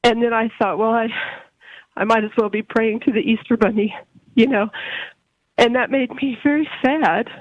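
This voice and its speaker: A woman in her forties calling in on the phone, halting and emotional, often repeating her words. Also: a little high, fairly even intonation, no echo. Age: 40s. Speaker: caller. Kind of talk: call-in conversation. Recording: dull phone line.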